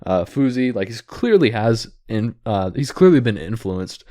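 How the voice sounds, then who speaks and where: A man's voice: fairly low pitch, big pitch swings, moderate pace, warm tone, no room sound, studio quality. A man hosting a casual reaction commentary, ranting with disapproval and leaning on fillers and restarts. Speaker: commentary host.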